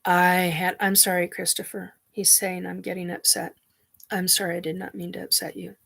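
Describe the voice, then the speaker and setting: A woman hosting her own show, talking in a halting, earnest way as she searches for words. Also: lowish voice, flat delivery, gravelly, sharp tone, slightly rough. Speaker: show host. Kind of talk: personal monologue.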